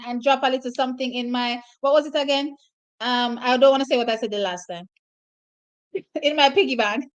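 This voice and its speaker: A woman with a Jamaican accent hosting a casual livestream, chatting and reacting to viewers' comments with lots of restarts. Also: high voice. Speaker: livestream host.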